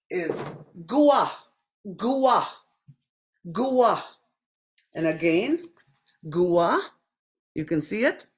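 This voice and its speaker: A woman teaching a language class, saying each word several times slowly and clearly for learners. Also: medium pitch. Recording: echoey classroom.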